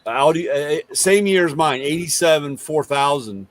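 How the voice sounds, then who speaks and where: A man's voice: on the high side, moderate pace. Middle-aged man telling a garage story. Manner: rambling, animated retelling with quoted dialogue. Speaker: host. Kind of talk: casual storytelling chat.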